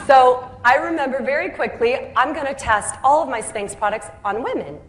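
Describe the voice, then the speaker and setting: A woman telling the story of how she built her business, lively and laughing at her own anecdotes. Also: on the high side, moderate pace, few pauses. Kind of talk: storytelling talk. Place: home city Atlanta.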